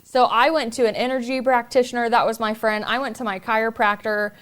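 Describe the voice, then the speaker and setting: Smooth, fairly high-voiced woman host. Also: little pitch movement, a little fast, a bit bright. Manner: earnest, confiding, spiritual. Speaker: podcast host. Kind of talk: candid personal storytelling.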